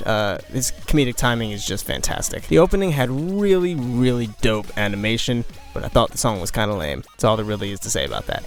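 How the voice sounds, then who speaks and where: A young adult man hosting his own channel, giving a casual, opinionated review with joking asides. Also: medium pitch. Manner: opinionated, conversational, jokey asides. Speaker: cartoon reviewer, channel host.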